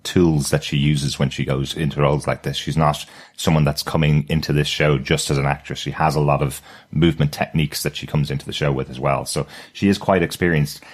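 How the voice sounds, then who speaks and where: A man co-hosting a casual podcast review, explaining his points in a measured way. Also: very deep voice, level tone, slightly rough. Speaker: podcast co-host.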